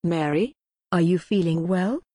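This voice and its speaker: A woman reading the part of a calm, courteous man who speaks gently and reassuringly in an audiobook. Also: on the low side, measured pace, slightly rough, no room sound, clean studio sound. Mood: gentle. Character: calm, courteous Englishman, Stuart.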